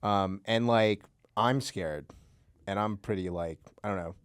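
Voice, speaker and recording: A man's voice: lowish voice, unhurried, smooth, no room sound, studio quality. A man hosting a comedy podcast, talking in a laid-back, rambling way. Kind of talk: casual chat.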